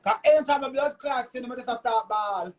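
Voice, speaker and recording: A man's voice: very high voice, moderate pace, low-quality recording. A man with a Jamaican accent delivering a heated, cursing, repetitive rant in a vlog. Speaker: vlogger.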